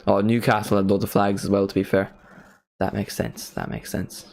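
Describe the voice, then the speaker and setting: A young man casually commentating a live football watchalong, chatting and bursting into excited reactions. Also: lowish voice, a little fast, gravelly. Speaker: streamer hosting a match watchalong.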